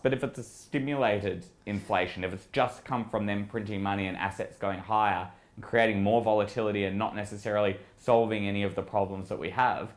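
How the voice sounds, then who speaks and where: A man's voice: on the low side, steady tone, fairly quick, few pauses. A man with an Australian accent, a guest strategist talking through markets in a casual, analytical way.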